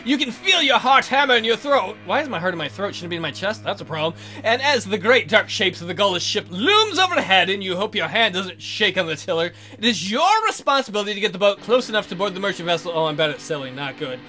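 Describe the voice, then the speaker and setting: A man's voice: high voice, very animated, fast talker, hardly any pauses, soft background music. A man hosting a let's play, reading a text adventure aloud with playful jokey commentary and silly voices. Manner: playful, bursts into silly put-on voices and shouts.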